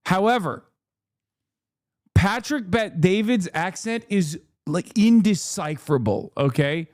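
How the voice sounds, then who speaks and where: Guy streaming reactions, swears a lot, laughs, kinda high voice, dry close sound. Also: expressive, slow pace, darkish tone, dry recording. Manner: crude, sarcastic, laughing often. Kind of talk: live stream reaction commentary.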